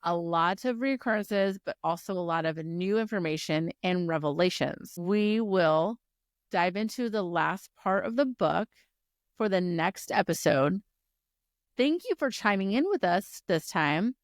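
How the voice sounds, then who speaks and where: A woman with a lowish voice co-hosts a book podcast. She talks emphatically in relaxed chat. The sound is dry and close. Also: a little slow, dry recording. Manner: wraps up the episode, chatty and emphatic. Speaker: podcast co-host. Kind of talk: casual book-club chat.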